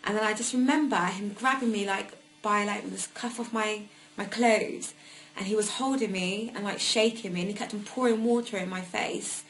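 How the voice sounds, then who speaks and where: A young woman, sharing her personal story haltingly, with many fillers and restarts. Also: mid-range voice, steady tone, a little hiss or hum, low-quality recording. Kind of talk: personal testimony.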